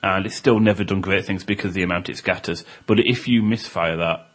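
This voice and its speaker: A man with a British accent co-hosting a podcast, calmly explaining tabletop wargame rules with plenty of ums. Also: low voice, brisk. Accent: British English. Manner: relaxed, explains rules at length with fillers. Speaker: podcast co-host. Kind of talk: casual tabletop gaming chat.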